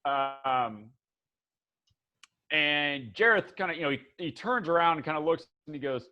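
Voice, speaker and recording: A man's voice: a little high, expressive, measured pace, pauses often, pushed and bright. A man narrating a tabletop game as game master, rambling with many fillers and restarts, on a dull lo-fi recording.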